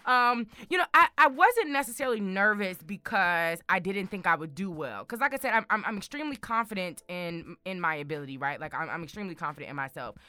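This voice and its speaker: Bright, bold young woman vlogging. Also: lowish voice, quick pace, few pauses, smooth, dry recording. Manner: bold, excitable, repeats words for emphasis. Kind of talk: casual chat to viewers.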